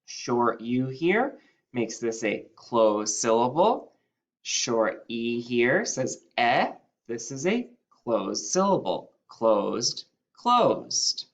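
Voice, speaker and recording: A man's voice: medium pitch, sing-song, slow pace. A male first-grade teacher giving a patient phonics lesson, spelling out letters one by one and lifting his voice on key words. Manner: sounds out letters and stretches key words upward.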